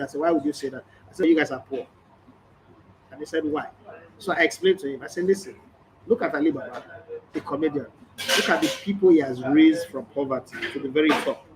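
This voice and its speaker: Emphatic Nigerian sports journalist, slightly high voice. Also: male voice, noisy background. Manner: emphatic, storytelling, acts out quoted exchanges. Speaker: sports journalist and channel host. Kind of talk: casual vlog monologue. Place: hotel room or indoor space, background ambience.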